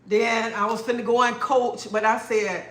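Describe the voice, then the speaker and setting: A woman hosting a livestream, telling a lively story to her viewers and acting out what people said, laughing as she goes. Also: fairly high pitch, moderate pace. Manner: animated, laughing, acts out quoted dialogue. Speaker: livestream host. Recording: roomy echo.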